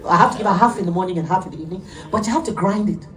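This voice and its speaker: A middle-aged woman pastor preaching an animated sermon, laughing often as she tells stories. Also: medium pitch, rapid-fire, soft background music. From Nigeria. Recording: echoey room, heard from a distance.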